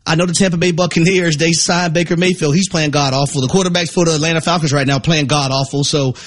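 A man co-hosting a sports talk show, breaking down games in a measured, analytical way. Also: on the high side, fairly even intonation. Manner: measured, analytical, repeats for emphasis. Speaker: sports radio co-host.

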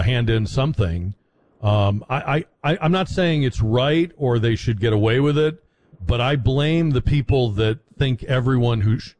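A man hosting a radio call-in show, talking in a wry, sardonic way and jumping in quickly on his callers. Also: mid-range voice, a little mellow. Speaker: radio talk show host.

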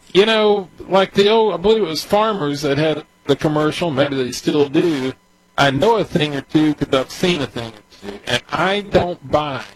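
A man who advises on real estate deals, talking unscripted and candidly, his voice climbing higher as he gets worked up. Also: poor audio. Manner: candid, grows agitated and higher-pitched. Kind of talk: unscripted commentary.

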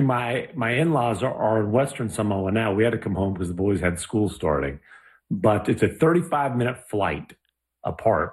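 Easygoing low-voiced man co-hosting. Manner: easygoing, good-humored. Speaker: podcast co-host. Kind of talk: casual chat.

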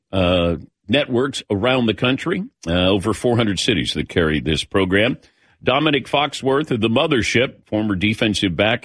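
A man hosting a sports radio show, chatting casually with his crew and cracking quick jokes. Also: lowish voice, no room sound, clean studio sound. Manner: wisecracking, lively, quick asides. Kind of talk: casual morning radio chat. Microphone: studio microphone.

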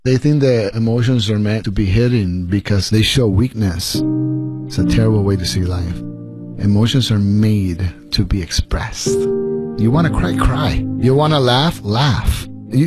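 A man's voice: mid-range voice, normal speed. A man speaking earnestly and heartfelt in a testimonial. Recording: loud music bed underneath.

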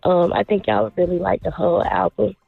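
A woman calling in to a radio show with a raspy voice, talking eagerly and persuasively. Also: fairly low pitch, little pitch movement, a little fast, dry recording. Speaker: caller. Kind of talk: call-in chat. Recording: tinny phone line.

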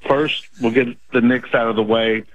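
Teasing, opinionated caller on a dull line. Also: male voice, mid-range voice, steady tone, normal speed, dry recording. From San Antonio, Texas.

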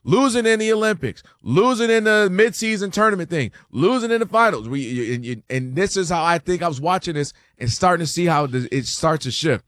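A man hosting a sports talk show, arguing his point in casual debate and acting out quoted fans and players in a higher voice. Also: expressive, a little fast, hardly any pauses, a bit bright, no room sound.

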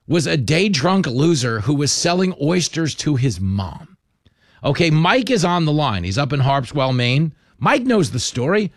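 Sarcastic talk-radio host, man, gravelly and fairly high, dry close mic. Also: a little slow, no room sound. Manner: mocking, animated, sarcastic.

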